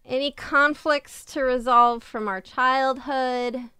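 A woman's voice: sits high, fairly even intonation, slow, bright, forceful tone, clean tone, dry recording, clean studio sound. A woman hosting a podcast, chatting in a teasing, playful way and laughing often. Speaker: podcast host. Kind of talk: casual chat.

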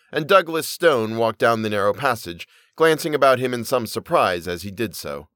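A man reading a Victorian short story aloud as storyteller, in steady, measured narration. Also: medium pitch, no room sound.

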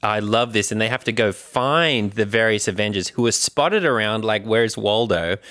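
A man co-hosting a comedy podcast, riffing in a deadpan way and playing along with the pitch. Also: normal speed.

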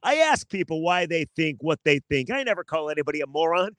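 A man's voice: on the high side, very animated, fairly quick, a bit bright, no room sound. Wry male sports talk host. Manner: sarcastic, self-mocking, talks straight to listeners. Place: outdoors in his backyard.

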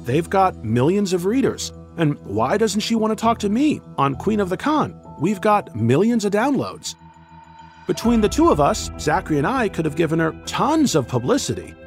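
Male podcast host, wry scripted narration, animated delivery, light music under him. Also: high voice, moderate pace.

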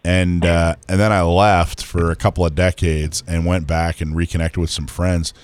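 A man from North Florida hosting a radio talk show, asking eager, quick questions. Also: sits low, little pitch movement, dry recording. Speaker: radio host.

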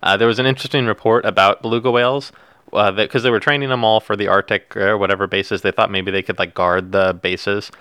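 A man with a fairly low voice co-hosts a casual podcast, reading headlines and tossing in wry jokes. The recording is dry and close, with no room sound. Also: fairly even intonation, quick pace, a bit bright, clear, resonant tone, dry recording. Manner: wry, reads headlines aloud with jokey asides. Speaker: podcast co-host. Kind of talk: casual news chat.

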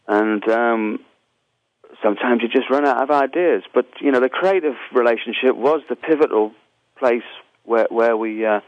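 A man's voice: mid-range voice, dry recording. English guy rambling thru an interview, keeps restarting, kinda dull lo-fi sound. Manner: halting, many restarts and fillers. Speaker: musician guest.

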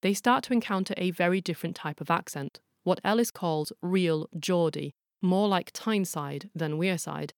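A woman's voice: on the low side, no room sound, clean studio sound. A woman hosting a podcast, reading a scripted narration in a playful, explanatory way and sounding out examples aloud. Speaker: podcast host.

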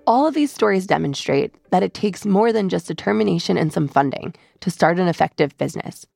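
A woman hosting a podcast in polished, measured scripted narration. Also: lowish voice, animated, gravelly, darkish tone, faint music behind.

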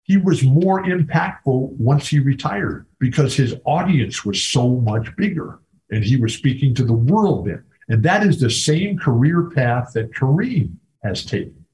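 A man's voice: medium pitch, big pitch swings, a little slow, a little mellow. Rambling enthusiastic older man. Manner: rambling, enthusiastic, repeats words. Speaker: podcast guest. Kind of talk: casual storytelling interview.

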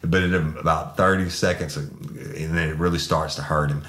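A man's voice: very deep voice, fairly even intonation, moderate pace, fairly bright tone. A man, a former police sergeant, telling a crude story bluntly with lots of restarts. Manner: blunt, profane, many restarts.

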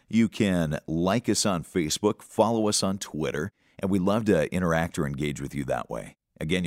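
A man hosting a radio program, reading announcements between parts of a sermon in a smooth, even delivery. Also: low voice, no room sound, studio quality.

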